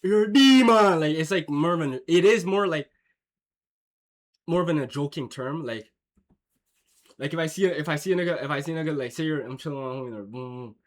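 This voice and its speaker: Reacting to a clip on stream, a young man from Jamaica speaks a little fast in a voice on the high side, with long pauses. His commentary is casual and rambling, packed with slang, swearing, and filler.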